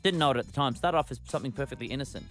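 An Australian man hosting radio, telling stories in lively banter. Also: medium pitch, racing, soft background music. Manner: lively storytelling. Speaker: radio host.

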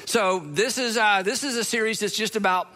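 Male pastor, conversational sermon delivery, bright and high-pitched. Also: moderate pace. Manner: conversational, with fillers.

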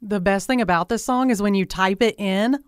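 Smooth-voiced woman radio co-host. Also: mid-range voice, a little fast, no room sound, clean studio sound. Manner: relaxed, chatty, shares song picks. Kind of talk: casual chat. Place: broadcast studio. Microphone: studio mic.

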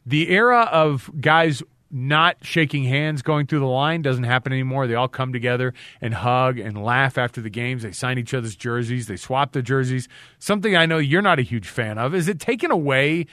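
A man's voice: medium pitch, moderate pace, sharp tone, no echo, clean studio sound. A man hosting a casual sports talk show, rambling a bit and retelling what players said. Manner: rambling, restarts and quotes players. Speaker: sports radio host.

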